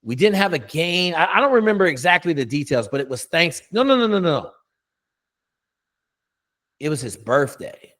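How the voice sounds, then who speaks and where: A man's voice: fairly high pitch, sing-song, moderate pace, long pauses, fairly bright tone. Blunt, profane male coach. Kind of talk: casual interview storytelling.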